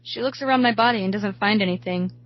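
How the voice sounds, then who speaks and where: A woman reading a horror story aloud in a steady, hushed way, recorded slightly dull. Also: mid-range voice, quick pace.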